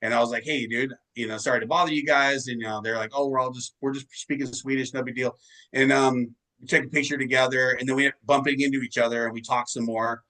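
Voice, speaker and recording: A man's voice: medium pitch, fairly even intonation, fast, pushed and bright, rough recording. A male musician being interviewed, telling long rambling anecdotes in casual chat and swearing freely. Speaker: musician guest.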